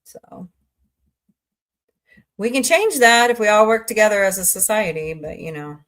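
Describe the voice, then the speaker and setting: A woman's voice: medium pitch, animated, normal speed, fairly bright tone. Middle-aged woman streamer, loose and talkative, chats back to her viewers. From Southwest Missouri, USA. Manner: chatty, rambling, answering chat messages. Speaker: livestream host. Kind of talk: casual livestream chat.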